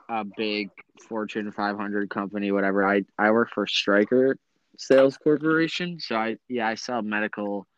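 A man chatting casually as a podcast guest, with dry, deadpan remarks. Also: fairly low pitch, measured pace, smooth. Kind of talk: casual chat. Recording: dull lo-fi audio.

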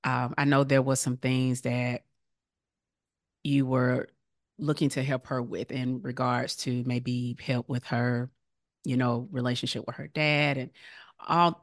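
Very low-voiced woman host, dry sound. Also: no room sound. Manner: encouraging, affirming listener with frequent "yeah" and "mm-hmm". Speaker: podcast host. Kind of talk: casual interview chat.

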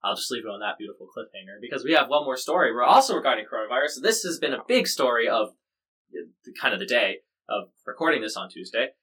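A man's voice: medium pitch, lively intonation, fast, bright, forceful tone, husky, low-quality recording. An American man co-hosting a casual news podcast, explaining stories in a chatty, jokey, rambling way. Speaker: podcast co-host.

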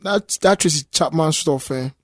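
A man co-hosting a podcast in casual chat, talking in an animated, exclamatory way. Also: a little high, moderate pace, no room sound. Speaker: podcast co-host.

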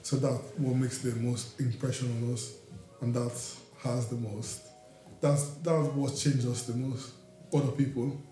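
Mellow reflective man, echoey room. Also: medium pitch, fairly even intonation, a little slow. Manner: reflective, philosophical, searching for words. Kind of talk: casual chat. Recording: echoey room with faint music.

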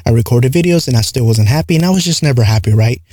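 Guy w a slight accent rambling on his podcast, lots of likes, warm low tone, super dry close mic. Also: animated, fast, dry recording. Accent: light non-native English accent. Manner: rambling, frequent "like" and "right?" fillers. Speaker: podcast host. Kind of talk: casual solo podcast monologue. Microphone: close studio mic with compressor.

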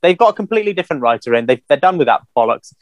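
A man co-hosting a casual podcast chat, animated and swearing freely with lots of "you know". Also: on the high side, very fast, dry recording, muffled recording. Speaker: podcast co-host.

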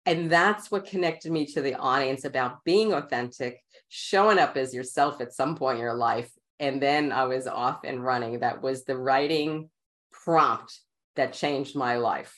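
Middle-aged woman, Queens accent, low voice, animated storyteller guest who laughs a lot. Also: unhurried. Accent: Queens, New York. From New York, USA. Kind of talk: casual interview storytelling.

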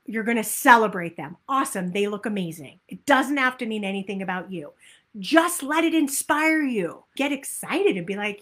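A woman giving a motivational talk as a weight-loss coach, upbeat and animated, acting out people's inner voices. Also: on the high side.

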